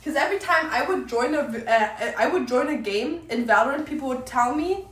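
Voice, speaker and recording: A woman's voice: high voice, lively intonation, brisk, hardly any pauses, fairly bright tone. A young woman streamer ranting casually, crude, profane and mocking. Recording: roomy distant mic, faint noise.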